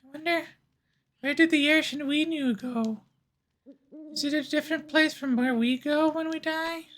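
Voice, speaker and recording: A man's voice: very high voice, normal speed, a bit bright, pitched above the performer's own voice. A man voicing an earnest young woman in a game, anxious and questioning. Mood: worried. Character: earnest young woman, worried about friends. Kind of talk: live game voice-acting.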